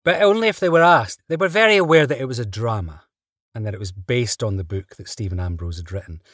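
A man, an actor guest, telling stories in a relaxed interview, chatty and quick to laugh. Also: medium pitch, dry recording, studio quality. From Britain. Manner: chatty, laughs often, restarts mid-sentence.

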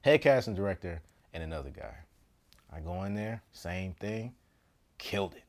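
With a low, animated voice at normal speed, an actor shares a story from his life casually and with humor. He laughs frequently and moves between loud bursts and hushed asides.

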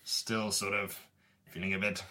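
A man's voice: fairly low pitch, flat delivery, a little slow, bright, forceful tone. A man playing a tabletop game, speaking in a playful, chummy way. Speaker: player. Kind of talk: tabletop role-play.

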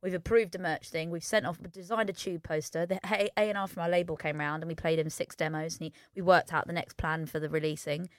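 A woman's voice: lowish voice, fairly even intonation, dry recording, studio quality. A young English woman, a musician, telling stories in a chatty way with lots of fillers and restarts. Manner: chatty, fast storytelling with many fillers and restarts. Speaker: musician guest. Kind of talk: casual podcast chat.

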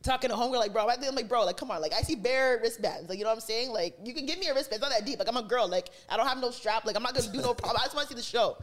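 A young woman, hosting a podcast and telling a story in casual chat, animated and slangy, acting out what people said. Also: a little high, racing, hardly any pauses. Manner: animated, slangy, acts out quotes. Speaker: podcast host.

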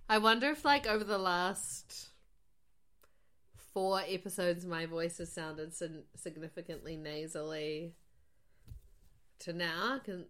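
A woman's voice: on the low side, slow, long pauses, a bit bright. Female podcast co-host, laid-back and giggly, swears casually. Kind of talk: casual chat.

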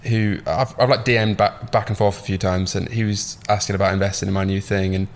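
A man hosting a casual podcast interview. His voice is slightly low, and he thinks out loud as he asks questions, dropping the odd swear word. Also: flat delivery, a little fast, slight background noise. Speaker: podcast host.

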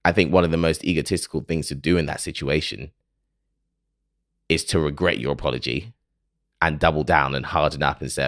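Very deep, gravelly man musing earnestly. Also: fairly even intonation, fairly quick, long pauses, fairly bright tone, dry recording, studio quality. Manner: earnest, emotional, self-questioning. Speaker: podcast host. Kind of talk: reflective solo monologue.

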